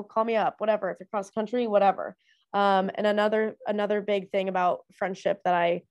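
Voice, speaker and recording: A woman's voice: mid-range voice, darkish tone, no echo. A young woman talking casually about friendship in a rambling way, full of "like" and restarts. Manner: rambling, heavy use of "like" and fillers. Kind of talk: casual personal chat.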